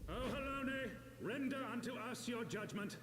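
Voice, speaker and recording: A man voicing a zealous male priest who calls down divine judgment, intoning slowly and solemnly in a hushed voice. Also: very high voice, expressive, reverberant, long reverb tail, background noise, voice pushed up.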